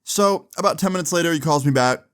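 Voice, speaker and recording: A young man casually telling a long personal story, slangy and animated, acting out quoted dialogue. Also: on the high side, quick pace, clean tone. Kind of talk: casual storytime over gameplay.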